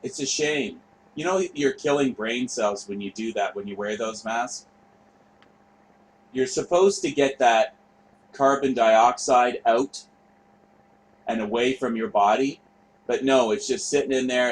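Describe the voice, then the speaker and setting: A man's voice: mid-range voice, rough recording. A man in the middle of his range talks loosely over footage as a show's host. He wanders, trails off and swears freely, with a faint hum of noise behind him. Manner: rambling, profane, offhand. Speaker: show host. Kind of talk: casual commentary over footage.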